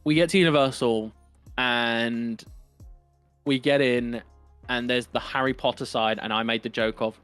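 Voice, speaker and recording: A man's voice: medium pitch, unhurried, long pauses, a bit bright, dry recording, soft background music. Young East London man, sweary and rambling, podcast co-host, dry close mic. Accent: London East End. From England. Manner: rambling, profane, frequent ums and restarts. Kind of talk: casual chat.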